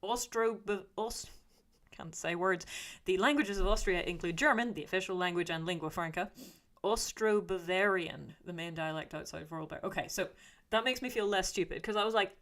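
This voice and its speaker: Chatty woman with a lowish voice. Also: brisk, fairly bright tone. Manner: rambling, chatty, many fillers and restarts; reads viewer comments aloud and answers them. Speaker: YouTuber reading live chat. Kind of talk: casual livestream chat.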